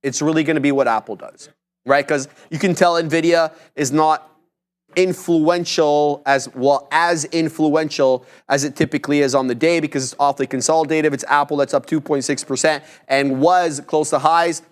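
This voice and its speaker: A man's voice: fairly high pitch, steady tone, moderate pace. Man patiently explaining his chart. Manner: patient, explanatory, walks through chart levels. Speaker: day trader host. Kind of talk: live trading stream commentary.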